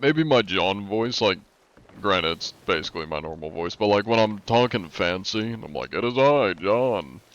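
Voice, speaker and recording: A man streaming and chatting casually, with a raspy, not very smooth voice and a flat monotone delivery full of filler words. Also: deep voice, highs cut off. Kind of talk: casual live-stream chat.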